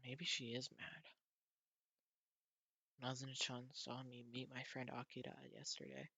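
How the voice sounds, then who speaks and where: A man's voice: medium pitch, moderate pace, gravelly, sharp tone, dry recording. A man reading a manga aloud as an anxious teenage boy, hesitant and earnest, with stammers. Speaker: narrator and reader.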